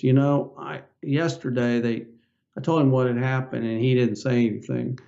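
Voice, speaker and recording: A man's voice: medium pitch, flat delivery, moderate pace, creaky, a little mellow, dull audio. Older man telling a folksy story. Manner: folksy, earnest storyteller acting out dialogue. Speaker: podcast guest. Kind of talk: storytelling interview.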